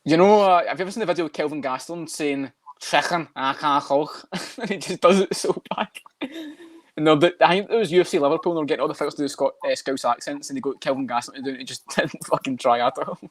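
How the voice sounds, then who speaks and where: A man co-hosting a podcast, chatting fast and loose with lots of swearing and jokes. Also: fairly high pitch, dry recording, clean studio sound. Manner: fast, swearing banter, doing fighter impressions. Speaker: podcast co-host. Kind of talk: casual chat.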